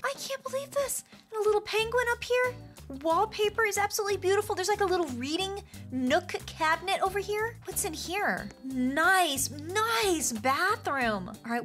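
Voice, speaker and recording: A woman hosting a game video, talking through her play in an excitable, gushing way with frequent gasps. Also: extremely high pitch. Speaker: gaming channel host. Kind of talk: playful game commentary.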